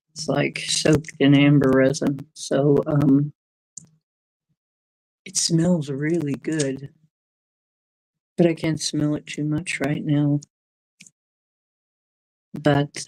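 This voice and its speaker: Middle-aged woman rambling on her livestream, low voice, dry close sound. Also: darkish tone, no echo, low-quality recording. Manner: rambling, drifting, reacting to chat comments. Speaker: livestream host reading chat. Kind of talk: casual livestream chat.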